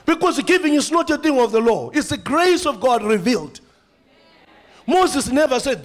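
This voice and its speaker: A man preaching a sermon in church with a South African accent, animated, repeating phrases and calling out to the congregation. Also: extremely high pitch, moderate pace.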